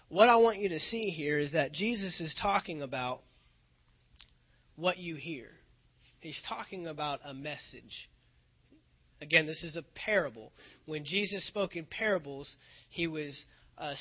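A man's voice: fairly high pitch, normal speed, slightly rough. A male pastor preaching a sermon, earnest and emphatic, often repeating phrases for weight. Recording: dull lo-fi recording.

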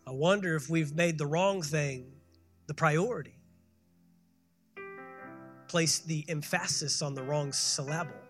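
A pastor preaching a sermon, building to loud emphatic peaks and calling for the congregation to respond. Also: male voice, on the high side, a little slow, pauses often, faint music behind. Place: church sanctuary.

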